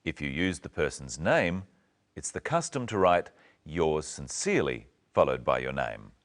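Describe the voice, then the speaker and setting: Deep-voiced man teaching clearly. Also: sing-song. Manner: slow, clear teaching delivery. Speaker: presenter. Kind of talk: scripted language-lesson narration.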